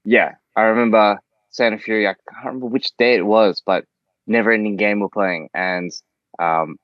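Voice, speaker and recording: A man's voice: on the low side, steady tone, normal speed, no room sound, lo-fi sound. A man guesting on a podcast in casual chat, often stumbling and restarting his sentences. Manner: stumbling, restarting, self-interrupting. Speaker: podcast guest, band member.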